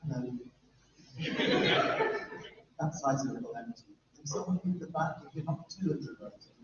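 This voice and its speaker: A man's voice: fairly high pitch, moderate pace. A man, giving a chatty, jokey conference talk and talking with the crowd. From London, England. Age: 50s. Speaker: guest speaker at an industry event. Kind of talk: conference talk to a live audience. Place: large echoey event room. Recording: echoey, muffled, distant with faint noise.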